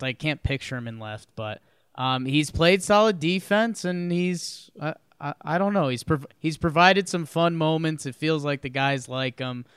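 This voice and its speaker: A man's voice: fairly high pitch, fairly bright tone, smooth, dry recording, studio quality. A man co-hosting a podcast in casual sports chat, emphatic and talking in long run-on sentences. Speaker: podcast co-host.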